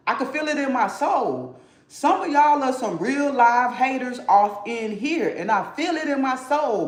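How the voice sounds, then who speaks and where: A man's voice: extremely high pitch, big pitch swings, unhurried. A man hosting a casual cooking livestream, talking playfully and teasing his chat while he cooks. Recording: echoey room.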